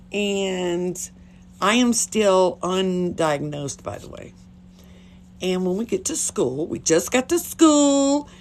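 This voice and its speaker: Casting: woman, casual livestream host, blunt, animated delivery, faint background hiss. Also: lowish voice. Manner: blunt, chatty, swears freely.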